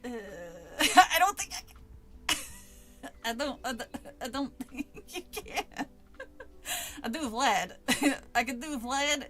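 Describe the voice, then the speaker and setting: A woman's voice: fairly high pitch, slow pace, a bit bright, faint music behind. A woman streamer reading a spooky book aloud with casual asides to chat, laughing often and swearing freely.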